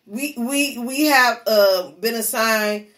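A woman's voice: fairly high pitch, slow pace, fairly bright tone. Woman giving life advice. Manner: preachy, gives advice. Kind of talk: casual chat.

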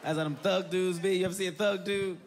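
Animated, shouty stand-up comedian. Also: male voice, fast talker. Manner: animated, shouty, jumps into high squeals. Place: stage before a live audience. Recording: live show with audience noise.

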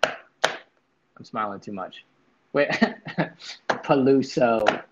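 A man's voice: mid-range voice, unhurried, muffled recording, noisy background. A man hosting a casual livestream, chatting loosely with viewers, swearing now and then and greeting chatters by name. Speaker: livestream host.

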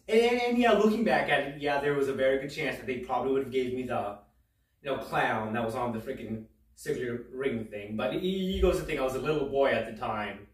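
A man telling a home-made stand-up story in a rambling, halting way, with many restarts and a tag of "right?". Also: medium pitch, lively intonation, roomy sound, distant mic, rough recording. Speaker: comedian. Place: home room.

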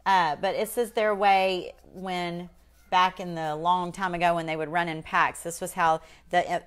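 A woman's voice: fairly low pitch, a bit bright. A woman hosting a casual live painting demonstration, chatting folksily with viewers.

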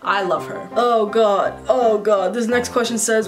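Unhurried and steady in tone, this mid-range voice belongs to a New York woman answering viewer questions. She's open, talkative and profane in her storytelling, with music running in the background.

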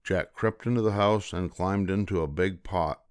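An older man reading a children's fairy tale aloud in a slow, gentle storytelling manner. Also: low-pitched, smooth, dry recording, studio quality.

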